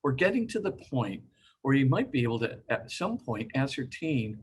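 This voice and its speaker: Older man lecturing, halting and full of fillers. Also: medium pitch, very animated, slight background noise. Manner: halting, many fillers, acts out quoted voices. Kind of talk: informal lecture.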